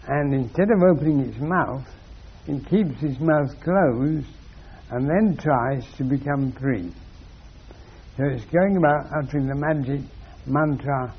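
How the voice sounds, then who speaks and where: A man giving a slow, measured spiritual lecture with long pauses. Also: mid-range voice, breathy edge, muffled recording.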